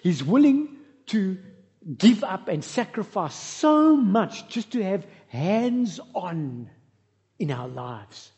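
High-voiced pastor preaching. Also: male voice, slow pace. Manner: lively storytelling with humorous asides. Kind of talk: sermon. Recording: reverberant hall, dull lo-fi sound.

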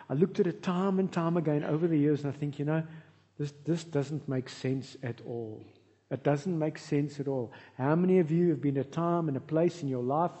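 High-voiced pastor preaching. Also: male voice. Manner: lively storytelling with humorous asides. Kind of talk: sermon. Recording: reverberant hall, dull lo-fi sound.

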